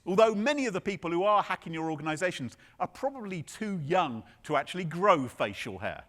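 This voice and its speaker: A man's voice: high-pitched, fairly bright tone. A man giving a humorous conference keynote on stage, telling a story with playful, theatrical asides. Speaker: keynote speaker. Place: conference stage before an audience.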